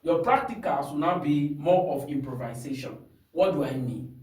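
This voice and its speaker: Male voice coach, high-ish voice, patient instructive delivery, echoey room with a distant mic. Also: lively intonation, moderate pace, a little mellow. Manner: instructive, checks in often with "hmm?" and "you understand?". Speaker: singing teacher. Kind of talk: singing lesson with demonstrations.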